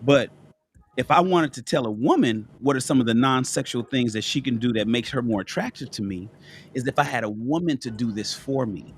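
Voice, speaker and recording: A man's voice: mid-range voice, expressive, a little fast, a little hiss or hum. Sick, blunt man talking from bed. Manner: profane, blunt, talks over himself with many restarts. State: sick with a cough, lying down. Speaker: panelist on a live call-in show. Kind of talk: casual rambling chat. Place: at home in bed.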